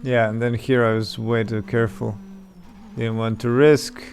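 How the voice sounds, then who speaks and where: A man's voice: mid-range voice, flat delivery, moderate pace, darkish tone, slight background noise. A man closing a live stream of his game development work in a laid-back, thinking-aloud way. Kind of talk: casual live-stream sign-off.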